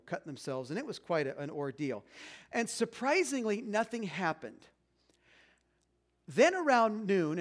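A man retelling a Bible story in a casual, conversational way, with many fillers and playful asides. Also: sits high. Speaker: Bible teacher.

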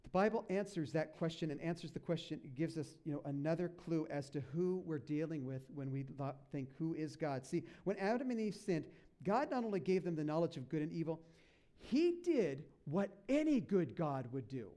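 A pastor delivers an animated sermon, acting out quoted voices and tossing asides to the congregation. His male voice sits on the high side and moves fairly quickly.

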